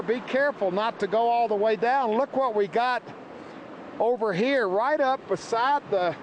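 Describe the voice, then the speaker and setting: A man's voice: very high-pitched, background noise. A man hosting a travel show outdoors on a mountain trail, exclaiming eagerly and a little out of breath. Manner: enthusiastic, exclaiming. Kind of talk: on-location interviewing while hiking.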